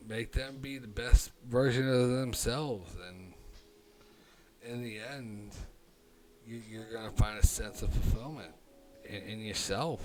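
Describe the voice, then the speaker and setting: A man streaming alone, talking through his thoughts in a rambling, halting way, often swearing and putting on a southern drawl. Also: on the low side. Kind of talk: casual live-stream monologue. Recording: loud music behind the voice.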